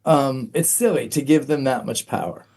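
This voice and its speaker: A man's voice: medium pitch, normal speed, a little mellow, slightly rough. A middle-aged man, a podcast guest, telling a personal story candidly, frank and self-mocking, with plenty of "um"s.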